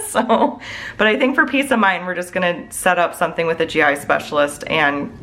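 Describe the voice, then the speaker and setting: A woman's voice: on the low side, a little fast, fairly bright tone. A woman vlogger and mom chatting casually to her viewers. She rambles candidly and sounds worried, filling her talk with "like" and "I don't know.".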